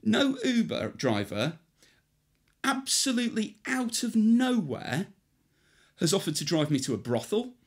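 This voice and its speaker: A man with a higher voice riffs wryly on a podcast. His pitch jumps around as he asks himself rhetorical questions. He answers them flatly and pokes fun at himself. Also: unhurried. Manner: wry and self-mocking, answers his own rhetorical questions. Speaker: podcast co-host. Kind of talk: casual chat.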